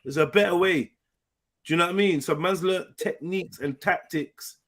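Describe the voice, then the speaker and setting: Slang-heavy man, higher voice. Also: normal speed. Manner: animated, slang-heavy, acts out quoted voices. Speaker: panel host. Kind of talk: casual panel discussion.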